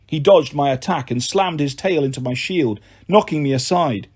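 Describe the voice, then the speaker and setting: A man narrating a fantasy novel in an expressive storytelling voice. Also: fairly high pitch, moderate pace, breathy edge. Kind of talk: audiobook narration.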